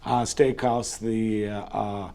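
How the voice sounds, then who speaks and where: A man's voice: on the low side, level tone, slow, warm tone. A man from Minnesota guesting on a casual chat show, friendly and easygoing. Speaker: guest host.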